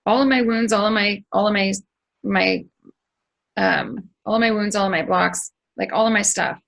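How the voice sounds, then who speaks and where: Gravelly-voiced woman telling a spiritual story. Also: medium pitch, normal speed, low-quality recording. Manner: swears freely, animated retelling with sound effects. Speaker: spiritual channel host.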